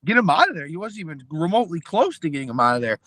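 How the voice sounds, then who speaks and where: A man's voice: fairly high pitch, big pitch swings, very fast, pushed and bright, no echo. A man co-hosting a boxing podcast, talking through a fight plan in casual chat with many restarts. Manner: analytical, hesitant restarts. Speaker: podcast co-host.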